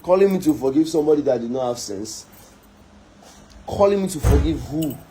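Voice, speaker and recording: A man's voice: a little high, expressive, a little fast, dark tone, a little hiss or hum, low-quality recording. A man with a Nigerian accent giving a heated online rant, scolding and exasperated, repeating himself again and again.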